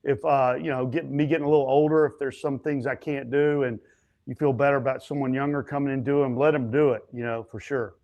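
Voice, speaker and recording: A stuntman and actor telling set stories as an interview guest, animated and chatty, acting out other people's lines. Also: mid-range voice, fairly quick, highs cut off. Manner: frequent fillers and restarts. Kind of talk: casual storytelling interview.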